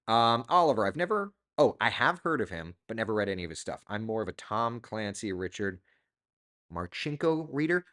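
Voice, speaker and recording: Chatty man with a lively pitch. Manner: chatty, reads viewer comments aloud. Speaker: host. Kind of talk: casual live-stream chat.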